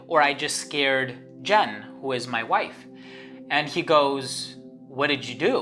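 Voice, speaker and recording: Lady vlogger rambling through a story, low voice, guitar playing behind. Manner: chatty, rambling, many fillers and restarts. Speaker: channel host. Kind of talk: casual storytelling to camera. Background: guitar music.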